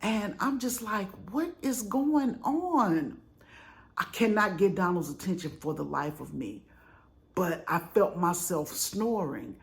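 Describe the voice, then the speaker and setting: A middle-aged woman vlogger telling a personal story in an animated, chatty, dramatic way. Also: fairly low pitch, unhurried, creaky. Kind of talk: casual storytelling.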